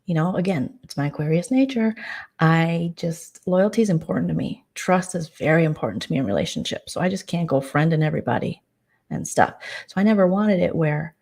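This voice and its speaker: A woman's voice: lowish voice, animated, brisk, gravelly, a little mellow. A woman vlogger chatting casually and rambling, with many fillers and restarts. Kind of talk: casual late-night chat.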